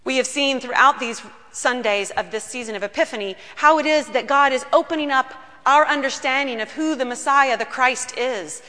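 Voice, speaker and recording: A woman pastor preaches with a bright, forceful voice that sits somewhat high for a woman. She tells the story earnestly and slows down to lean on key words. Her voice rings out with a long reverb in a church sanctuary. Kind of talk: sermon. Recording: long reverb of a large room.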